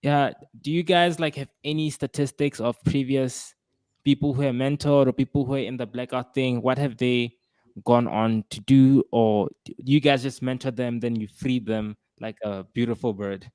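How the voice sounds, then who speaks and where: A man's voice: medium pitch, steady tone, moderate pace, a little mellow, smooth, dry recording. Jokey man asking questions, dry sound. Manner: jokey, hesitant with fillers. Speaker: co-host. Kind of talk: casual interview chat.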